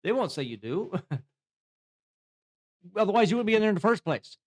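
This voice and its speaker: Guy cohosting a podcast, voice a bit on the high side, lively, laughs a lot, restarts sentences. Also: a little slow. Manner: animated, laughs often, trails off and restarts. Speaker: podcast co-host. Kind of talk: casual chat.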